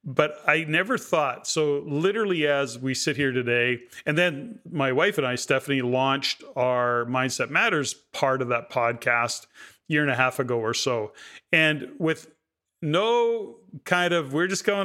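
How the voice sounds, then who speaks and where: Male podcast host, bright, forward voice, chatty and reflective, talks in long asides. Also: mid-range voice, a little slow. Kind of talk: conversational interview.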